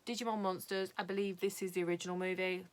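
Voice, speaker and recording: A woman's voice: fairly low pitch, level tone, fast, clear, resonant tone. A young British woman chatting casually and candidly about her anime collection, rambling with lots of fillers and the odd swear. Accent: British English. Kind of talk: casual chat.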